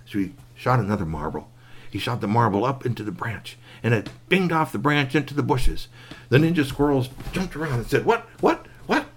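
A man telling a bedtime story to a child, animated, with sound effects and asides to the listener. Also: mid-range voice, fairly quick, slightly rough.

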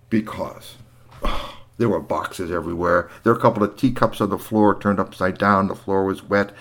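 A man telling an improvised story to a child, animated and playful, swinging from squeals to hushed tones. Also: fairly low pitch.

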